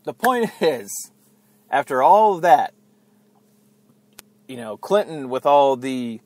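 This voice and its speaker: A man's voice: medium pitch, animated, slow, pauses often, darkish tone, no echo. A man hosting his own podcast with a rambling political rant, chatty and sarcastic, often laughing at his own jokes. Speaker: podcast host. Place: outdoors near beeping buses.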